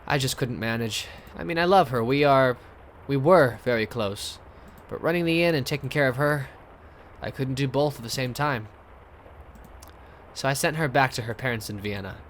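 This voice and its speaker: A man voicing a lonely, warm-hearted older male innkeeper in a video game, with a put-on foreign accent and a halting, earnest delivery. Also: mid-range voice, a little hiss or hum, lightly acted. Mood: wistful.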